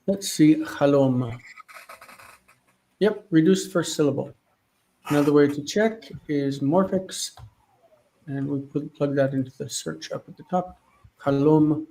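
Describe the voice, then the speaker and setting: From a single-light home studio, a man teaches Hebrew in a live online class, going through texts and checking references as he reasons aloud mid-sentence. He has a fairly high, warm voice, and the recording quality is low.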